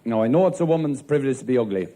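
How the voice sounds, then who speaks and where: A man with an Irish accent telling stand-up jokes in a deadpan storytelling manner, playing a policeman. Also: medium pitch. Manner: deadpan storytelling, rapid one-liners in character as a policeman. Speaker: stand-up comedian. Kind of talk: live stand-up joke-telling. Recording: live show with faint crowd laughter and noise.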